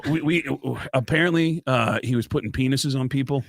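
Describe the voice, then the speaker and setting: A man voicing a weary tattoo shop worker who talks in a low, flat, matter-of-fact way. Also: a little fast, no room sound, clean studio sound, natural voice. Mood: deadpan.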